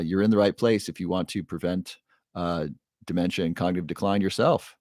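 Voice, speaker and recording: Low-sitting and darkish, this man's voice keeps a fairly even intonation and runs a little fast, recorded dry at studio quality. As a neuroscientist hosting a casual livestream, he greets viewers by name, reads the chat upbeat, and roars playfully.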